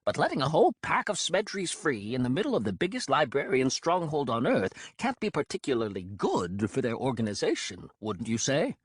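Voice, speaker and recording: A man voicing an elderly grandfather who speaks low, slow and dry, with a wry edge. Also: wildly swooping pitch, slightly rough, no room sound.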